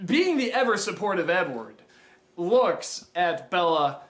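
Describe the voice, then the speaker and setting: Exasperated male reviewer, lively and echoey. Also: high voice, measured pace. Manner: exasperated, animated, mocking impressions. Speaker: film reviewer. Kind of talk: comedic review rant. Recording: roomy echoey recording.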